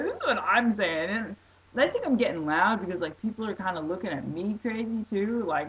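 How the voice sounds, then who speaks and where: Rambling, excitable woman on lo-fi video. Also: medium pitch, moderate pace, slightly rough. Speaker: vlogger. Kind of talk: casual storytelling vlog.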